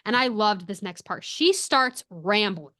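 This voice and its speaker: A young adult woman co-hosts a casual podcast, recapping a story and acting out its lines in an easygoing, chatty way. Her voice sits at an ordinary middle pitch. The sound is dry and close, with no room around it. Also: measured pace, dry recording. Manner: animated retelling with quoted dialogue. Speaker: podcast co-host. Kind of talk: casual book discussion.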